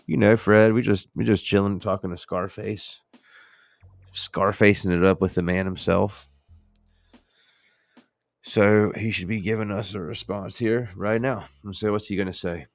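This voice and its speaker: A man's voice: on the low side, steady tone, a little slow, gravelly, dry recording. A male podcast host in a casual, playful demo chat, joking and talking to the viewers as folks.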